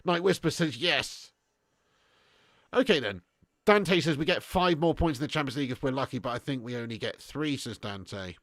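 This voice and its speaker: A man's voice: medium pitch, lively intonation, normal speed, fairly bright tone, dry recording, studio quality. A tired man hosting a live football watch-along, reading viewer messages with sweary, blokey banter. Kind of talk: live stream chat reading super chats.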